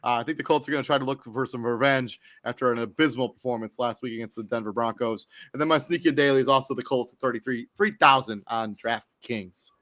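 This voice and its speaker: A man's voice: medium pitch, fast, hardly any pauses, fairly bright tone, no echo, clean studio sound. A man co-hosting a sports podcast, reading off fantasy football rankings in a loose, off-the-cuff way with fillers and self-corrections. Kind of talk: casual sports podcast talk.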